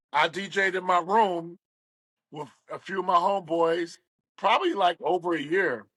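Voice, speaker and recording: A middle-aged West Virginia radio DJ guests on a storytelling interview, his voice fairly high and the recording dry but low in quality. He's an animated storyteller who acts out the people he quotes.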